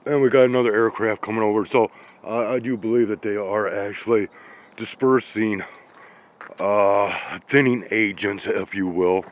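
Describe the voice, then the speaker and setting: Man, low voice, very slow unhurried delivery, breathy from exertion, outdoor handheld vlog in the snow. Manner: slow, rambling, talks to the cats. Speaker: vlogger feeding outdoor cats and birds. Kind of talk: casual outdoor vlog narration. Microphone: handheld camera.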